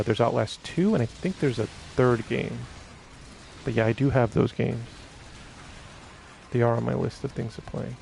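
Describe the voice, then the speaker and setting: A man's voice: medium pitch, gravelly, a little mellow, a little hiss or hum. A man chatting casually on a live stream, rambling with many fillers and restarts while reading viewer comments.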